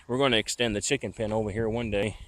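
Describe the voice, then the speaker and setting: At night, a vlogger walks viewers around his rural property in an easygoing, rambling tour filmed outdoors on a handheld camera. His fairly low voice is steady and fast, against a noisy background.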